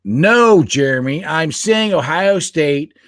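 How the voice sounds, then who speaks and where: Lively, animated sports-podcast co-host man. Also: a little high, slow pace, no echo, clean studio sound. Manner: animated, laughs often, restarts sentences. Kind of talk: casual sports chat.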